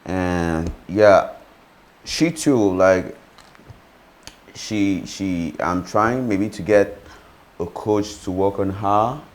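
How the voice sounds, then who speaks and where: Guy being interviewed, really deep voice, stumbles and repeats himself a lot. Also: drawn-out words, pauses often. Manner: hesitant, repeats himself while thinking. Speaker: guest. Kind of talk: casual interview chat.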